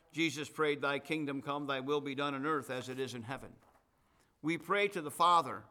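A man's voice: mid-range voice, bright, forceful tone. A middle-aged man preaching a sermon to his congregation, mixing scripture with chatty asides and folksy humor. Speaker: pastor.

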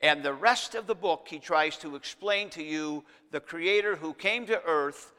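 A man preaching a sermon as pastor, emphatic, slowing down to stress scripture verses. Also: fairly high pitch, pushed and bright, clear, resonant tone. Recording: long hall reverb.

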